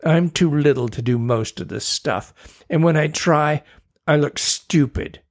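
A man's voice: on the high side, a little slow, voice pushed up. A man voicing a small, anxious schoolgirl in a raised, plaintive voice.

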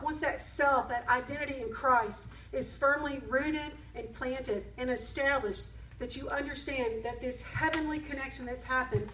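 High-voiced woman preaching in an echoey room. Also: recorded from a distance, background noise. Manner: emphatic, repeats key phrases, asks the audience questions. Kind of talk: sermon. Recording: echoey room, speaker away from the mic.

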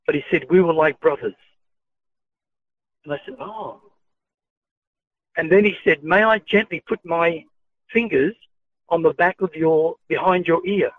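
A man recounting his own experiences as a story, retelling each line of dialogue in a measured way. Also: a little high, no room sound. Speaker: channeled speaker recounting adventures. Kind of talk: first-person storytelling. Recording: tinny phone-like, dry.

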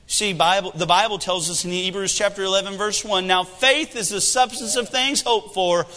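A man in his thirties preaching a sermon with animated delivery and humor. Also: sits high, moderate pace, big-room sound. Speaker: pastor.

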